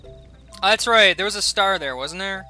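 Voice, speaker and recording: A man's voice: high-pitched, measured pace, pushed and bright, faint music behind. A man streaming a video game, reading the story text aloud with playful jokes and asides.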